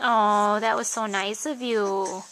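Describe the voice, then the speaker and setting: A woman's voice: medium pitch, steady tone, slow, background noise. A woman in a home video, talking to a toddler in a coaxing, sing-song way. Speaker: parent.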